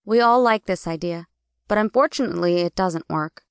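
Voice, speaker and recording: Smooth, dry audiobook narrator, woman. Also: fairly low pitch, no echo. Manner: clear, measured storytelling. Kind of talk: first-person audiobook narration.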